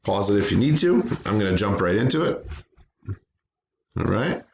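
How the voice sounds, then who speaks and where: A man's voice: on the low side, sing-song, moderate pace, creaky, dull audio, a little hiss or hum. A man teaching a recorded phonics lesson to children, patiently sounding out words syllable by syllable.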